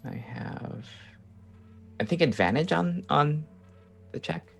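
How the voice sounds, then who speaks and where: A man's voice: fairly high pitch, expressive, slow, gravelly, a bit bright. A man playing a tabletop game, thinking aloud hesitantly while checking his character's rules. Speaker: player.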